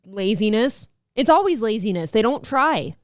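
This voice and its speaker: A woman's voice: a little high, sing-song, normal speed, no echo. A woman co-hosting a talk stream, chiming in with blunt, dry remarks. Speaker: co-host. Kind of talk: casual talk-show banter.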